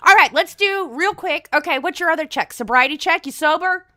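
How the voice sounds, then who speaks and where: A woman's voice: very high voice, a little fast, bright, forceful tone. A woman hosting a comedic livestream, playful and giggly, talking while out of breath. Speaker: host.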